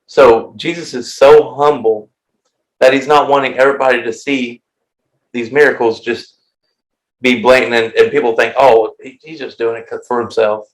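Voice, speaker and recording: A man in a relaxed chat, reading scripture and explaining it in slangy everyday words. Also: medium pitch, moderate pace, low-quality recording. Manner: laid-back, slangy, talks it through. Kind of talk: casual Bible reading and chat.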